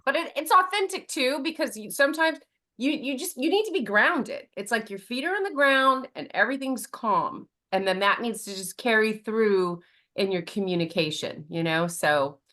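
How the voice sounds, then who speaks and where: A bright-voiced woman talks on a group call in an assertive, energetic way. Her tone is casual and direct. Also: on the high side, moderate pace.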